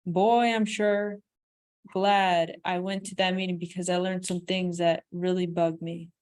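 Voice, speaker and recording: A woman's voice: fairly low pitch, level tone, unhurried, darkish tone, natural voice. A woman reading as a blustering husband. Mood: demanding. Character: blustering husband, grown man, demanding.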